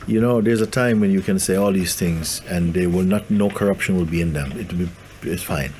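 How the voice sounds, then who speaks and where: Male spiritual teacher, low pitch, gentle, easy laughter. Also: fairly quick, slight background noise. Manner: gentle, laughs often, playful. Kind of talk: spiritual talk to a gathering.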